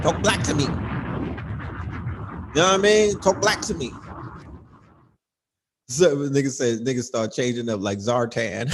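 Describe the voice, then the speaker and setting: A man's voice: medium pitch, measured pace, long pauses. A man hosting a livestream, ranting in an emphatic, profane, casual way, often asking "you know what I mean.". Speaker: livestream host.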